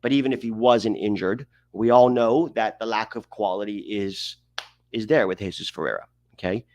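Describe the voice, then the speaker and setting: A man's voice: fairly low pitch, moderate pace, darkish tone, no echo. A man hosting a livestream, giving emphatic, opinionated sports commentary and often tossing in rhetorical questions. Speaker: host of a soccer livestream.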